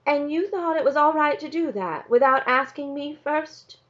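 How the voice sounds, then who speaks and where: A woman's voice: high voice, moderate pace, a bit bright, voice pushed up. A woman reading aloud, voicing a stern, worried mother who speaks firmly and questions pointedly. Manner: firm, questioning. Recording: dull lo-fi recording.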